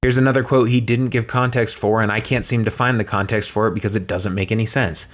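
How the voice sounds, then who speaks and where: A man talking fast in a sarcastic commentary monologue. His voice sits a little low, and his asides come out dry and deadpan. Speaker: political commentary creator.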